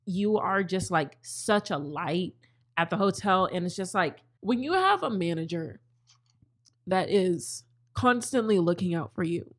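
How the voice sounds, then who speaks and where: Chatty young woman co-hosting, low voice. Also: animated, measured pace. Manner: candid, chatty, swears freely. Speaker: podcast co-host, bartender. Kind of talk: casual chat.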